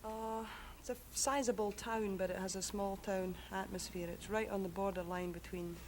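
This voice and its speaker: A Scottish woman, a folk singer guest, answering softly and explaining old songs in a measured way. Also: mid-range voice, fairly even intonation. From Scotland. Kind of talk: soft-spoken interview answers. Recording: faint background noise, 1960s TV broadcast.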